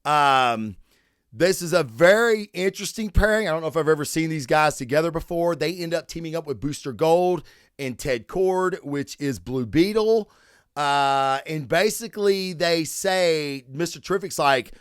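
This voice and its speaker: A slightly high, expressive, smooth male voice comes through clean studio sound with no echo. He hosts a comic book review podcast, chatting loosely and profanely, joking around and acting out scenes.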